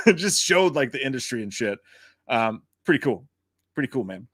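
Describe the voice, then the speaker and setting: A man's voice: medium pitch, moderate pace, husky, no echo, studio quality. A man hosting a casual livestream, talking in a loose, profane way and answering chat comments. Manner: profane, animated storytelling. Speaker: host.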